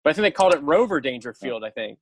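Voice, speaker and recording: A man's voice: fairly high pitch, very animated, rapid-fire. Enthusiastic male podcast host. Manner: enthusiastic, warmly effusive. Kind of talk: casual podcast chat.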